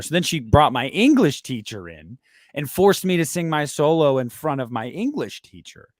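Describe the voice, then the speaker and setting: Lively man rambling through casual chat. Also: a little high, moderate pace, no room sound, clean studio sound. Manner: rambling, animated, with restarts. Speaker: podcast co-host.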